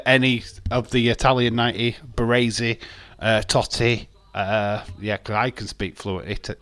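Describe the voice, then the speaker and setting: A man's voice: mid-range voice, fairly bright tone, no room sound. A man hosting a live stream, chatting casually, reading out chat messages and teasing viewers with frequent laughs. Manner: jokey, teasing, laughs often.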